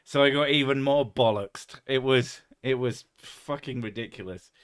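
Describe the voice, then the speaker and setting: A man's voice: mid-range voice, moderate pace, clear, resonant tone. A man with a London accent hosting a casual chat over whisky, blunt, swearing freely and laughing often. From England. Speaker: podcast host.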